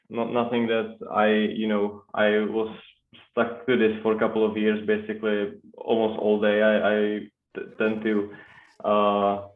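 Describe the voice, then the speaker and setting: A man with a Russian accent, a guest trader in a casual chat, talking in halting phrases with many restarts and fillers. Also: fairly low pitch, narrow, tinny audio. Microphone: headset or headphone mic on a call.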